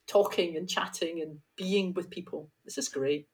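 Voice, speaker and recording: Woman, podcast co-host, enthusiastic, reflective, low-ish voice. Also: normal speed, a little mellow. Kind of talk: casual discussion.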